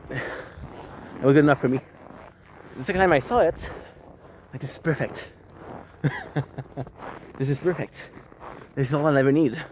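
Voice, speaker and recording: A man's voice: mid-range voice, a little mellow, a little hiss or hum. A man talking casually to his camera while skateboarding outdoors in the snow, rambling and swearing as he reflects. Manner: rambling, profane, self-reflective. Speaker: vlogger. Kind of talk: casual vlog monologue. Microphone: handheld camera, self-filmed. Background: faint street ambience and passing cars.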